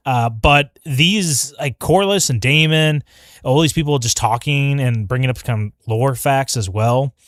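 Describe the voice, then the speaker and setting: A man's voice: mid-range voice, unhurried, a bit bright, dry recording. A man with a mid-range voice co-hosting a fan review livestream. His talk is loose and rambling, often broken up by laughs, and the sound is dry and close. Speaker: podcast co-host. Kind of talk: casual fan review chat. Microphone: livestream microphone.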